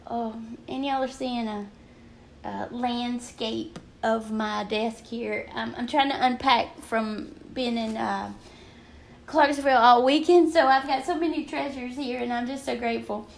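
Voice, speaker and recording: Older southern lady rambling on a craft stream, high voice with a gravelly edge. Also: steady tone, measured pace, a little hiss or hum. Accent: Southern American. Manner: chatty and rambling, greets viewers by name. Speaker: craft livestream host. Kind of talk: casual livestream chat. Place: at home craft desk.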